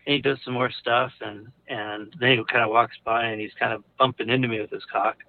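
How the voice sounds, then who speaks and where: A man's voice: mid-range voice, fairly even intonation, fairly quick, vocal fry, a little hiss or hum. Man rambling over a tinny line. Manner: rambling, many fillers and restarts. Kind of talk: casual personal storytelling. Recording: narrow phone-like audio.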